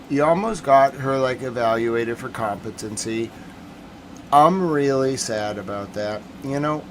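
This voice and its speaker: A man hosting a casual livestream, talking in an upset, rambling, repetitive way that swings from quiet to loud. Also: medium pitch, background noise. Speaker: host of a nightly news recap stream.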